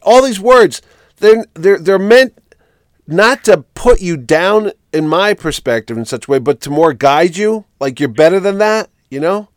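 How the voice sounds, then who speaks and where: A man's voice: high voice, expressive, a little slow, no room sound, studio quality. A man in casual chat, talking animatedly with lots of restarts and repeated words.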